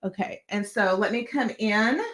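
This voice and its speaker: A woman's voice: medium pitch, moderate pace, fairly bright tone, a little hiss or hum. A woman hosting a live makeup tutorial, chatty and encouraging as she talks straight to her viewers.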